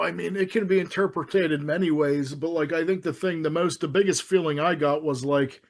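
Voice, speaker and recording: Excitable, profane man with a high-ish voice. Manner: rambling, profane, excitable with many restarts. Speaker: podcast co-host. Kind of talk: casual film discussion.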